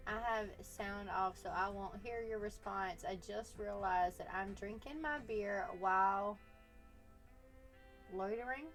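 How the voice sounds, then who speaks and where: A woman's voice: mid-range voice, unhurried, a bit bright, soft background music. A woman casually chatting with her viewers on a live stream, teasing them playfully and laughing often.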